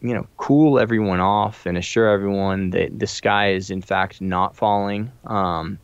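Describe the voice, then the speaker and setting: A man's voice: deep voice, no room sound. A man hosting a podcast, talking through church news in a loose, rambling way with plenty of ums. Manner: rambling, many ums and restarts. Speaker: podcast host. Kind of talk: casual commentary chat. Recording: dry, slightly muffled audio.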